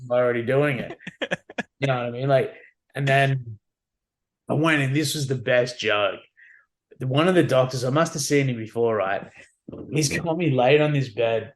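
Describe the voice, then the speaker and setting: An Australian man in his forties, appearing as a podcast guest, tells stories in a candid, wry, casual way. He speaks at a normal speed in a medium-pitched voice, pausing often and repeatedly checking in with "you know what I mean."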